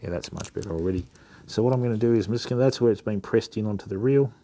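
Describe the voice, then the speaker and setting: A man's voice: on the low side, racing, mellow. A middle-aged man from Western Australia with an Australian accent, chatting casually to live-stream viewers while servicing fishing reels. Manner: casual, matey, chats to viewers while working. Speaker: fishing channel host. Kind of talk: live-stream reel maintenance demo.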